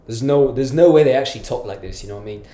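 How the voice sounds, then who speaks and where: A man's voice: mid-range voice, racing, warm tone. Laid-back American guy, echoey room. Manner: laid-back slangy talk, lots of "like" and "bro". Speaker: podcast co-host. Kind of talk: casual chat.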